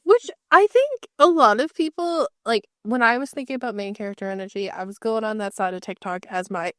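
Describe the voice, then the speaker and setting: A woman co-hosting a casual podcast, her voice a touch high and recorded dry and close. She talks fast, laughs easily and builds playful runaway chains of ideas. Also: expressive, dry recording. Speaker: podcast co-host.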